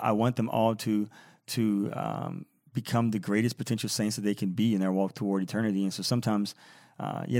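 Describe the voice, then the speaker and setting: A man's voice: lowish voice, darkish tone, no echo, studio quality. A man who is a Catholic priest, hosting a podcast in a casual, rambling way, reading out listener feedback with lots of fillers and repeated words.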